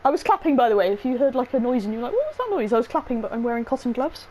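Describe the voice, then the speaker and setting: A young woman, commentating on a game she is playing, excitable and swearing often, with a sore throat. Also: fairly high pitch, racing, a little hiss or hum, low-quality recording. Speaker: game streamer. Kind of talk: let's-play commentary.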